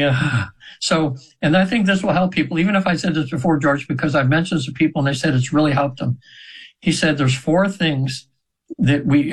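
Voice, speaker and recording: A man's voice: a little high, low-quality recording. Rambling man in his seventies. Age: 70s. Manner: rambling, many restarts and fillers, frequent laughs. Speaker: radio show guest. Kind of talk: casual storytelling interview.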